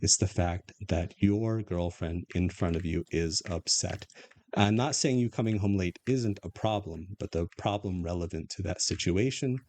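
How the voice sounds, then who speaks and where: A young man with a somewhat low voice talks through relationship advice like a coach. His delivery is casual and explanatory, punctuated by rhetorical "right?" check-ins. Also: moderate pace, darkish tone.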